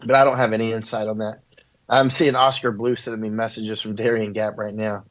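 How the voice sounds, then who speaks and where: A man's voice: fairly low pitch, level tone, fairly quick, fairly bright tone, highs cut off. A man telling rambling stories as an interview guest, with lots of fillers and laughing asides. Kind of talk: casual interview talk, storytelling. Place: near the southern border.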